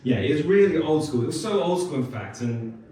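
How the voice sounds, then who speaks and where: A British man doing stand-up in a comedy club, wry and self-deprecating, his pitch bouncing lively through each line. The room is echoey and he sounds a little off the mic, with laughter rising behind him. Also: recorded from a distance, slight background noise. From United Kingdom. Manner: wry, self-deprecating, animated delivery with quick asides. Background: audience laughter.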